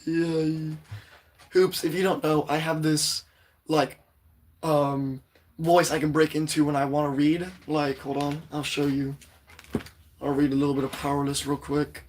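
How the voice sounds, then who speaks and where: A man hosting a casual livestream, greeting viewers and rambling excitedly about shows and quotes, with a voice still a little hoarse. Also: a little high, unhurried, a little hiss or hum. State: voice slightly hoarse, recovering. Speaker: livestream host reading chat.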